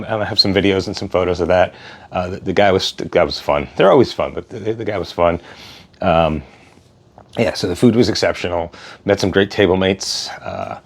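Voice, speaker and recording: A man giving a casual, rambling spoken review as a cruise travel vlogger, with many fillers and restarts. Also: on the low side.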